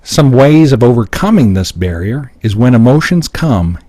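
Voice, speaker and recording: A man's voice: mid-range voice, sing-song, moderate pace, dark tone, no room sound. A middle-aged American man giving a live seminar, explaining points on his slides step by step. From United States. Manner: explanatory, walks through points on a screen. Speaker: seminar speaker.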